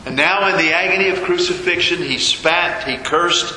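A man preaching a sermon as a pastor, telling a story with dramatic pauses and repetition. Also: high-pitched, sharp tone. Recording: echoey hall with long reverb, faint noise.

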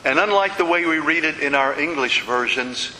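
A man delivers a sermon in a slightly high, forceful, bright voice, retelling stories dramatically and circling back to repeated refrains. The sound carries a long hall reverb and a faint hiss. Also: normal speed. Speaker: preacher.

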